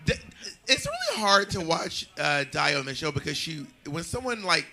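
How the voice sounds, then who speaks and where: A man's voice: on the high side, wildly swooping pitch, moderate pace, gravelly, bright, forceful tone. A man sharing sassy, opinionated commentary at a bar viewing party, swearing freely. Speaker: drag queen panelist. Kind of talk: casual banter at a viewing party.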